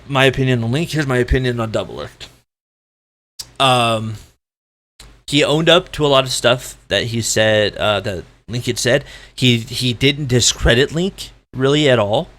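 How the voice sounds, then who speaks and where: A man with a gritty voice rants through gaming commentary, loud and blunt. He swears freely and pushes his points hard. His pitch sits right in the ordinary middle for a man. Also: a little slow. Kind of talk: ranting commentary.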